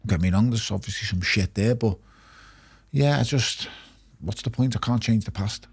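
Man, middle-aged, husky, low-pitched, blunt, swears, dry close mic. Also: normal speed, no echo. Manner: blunt, swears often, repeats words when emphatic. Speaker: interview guest, retired boxer. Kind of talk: candid podcast conversation.

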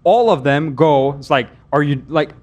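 A man's voice: on the high side, moderate pace, darkish tone. A man co-hosting a casual podcast chat, laughing and rambling with many restarts. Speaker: podcast co-host.

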